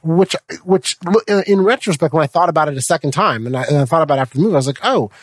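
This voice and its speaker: A man hosting a podcast, chatting casually about a film, animated, restarting his sentences and tagging them with "right?". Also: fairly high pitch, very fast, no echo. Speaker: podcast host. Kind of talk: casual film review chat.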